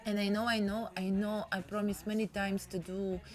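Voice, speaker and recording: A woman's voice: mid-range voice, little pitch movement, normal speed, faint music behind. A woman with a Russian accent teaching painting in a casual, chatty tutorial, speaking in broken English.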